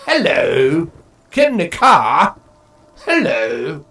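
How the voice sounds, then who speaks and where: A man putting on a brash, exaggerated British voice as a shouty caricature. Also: on the high side, huge pitch swings, extremely slow, pitched above the performer's own voice, full character voice. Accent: put-on British. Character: loud mock British man, cheeky and brash.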